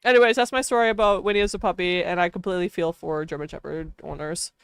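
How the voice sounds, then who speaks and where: A woman's voice: on the low side, steady tone, fast, creaky, clean tone, dry recording, clean studio sound. A woman streamer telling a long casual story while gaming, chatty and full of fillers, laughing often.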